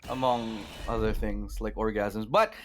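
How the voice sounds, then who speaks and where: A man casting an esports match, mixing play-by-play with wry, deadpan jokes. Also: fairly low pitch, a little slow, a little hiss or hum. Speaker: esports caster. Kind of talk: play-by-play commentary and banter.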